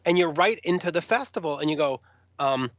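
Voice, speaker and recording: Here the rock journalist speaks briskly in a fairly high voice, casually relating stories and playing the people in them with raised voices. The sound is dry, dull and lo-fi.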